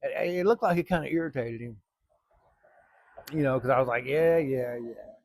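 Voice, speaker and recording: A man's voice: medium pitch, a little fast. A middle-aged man, casually telling a rambling, folksy story to his viewers from work. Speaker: vlogger. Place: workplace, early morning.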